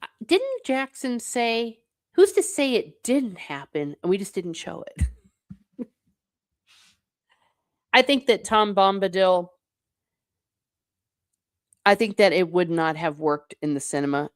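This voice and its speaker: A woman's voice: on the low side, lively intonation, unhurried, long pauses. A middle-aged woman hosting a casual livestream, chatting wryly about films and reading viewer comments aloud with playful exasperation. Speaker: host reading live chat.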